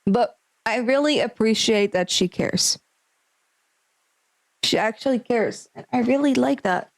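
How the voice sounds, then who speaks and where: A woman's voice: fairly high pitch, a little slow, rough recording. Chatty young woman streaming a visual novel. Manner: chatty, speculative, thinks aloud between read lines. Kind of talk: reading game text aloud and casual commentary.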